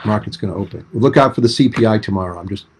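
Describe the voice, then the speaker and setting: A middle-aged man giving emphatic, rapid-fire opinions as a guest commentator on a radio phone-in. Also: lowish voice, husky.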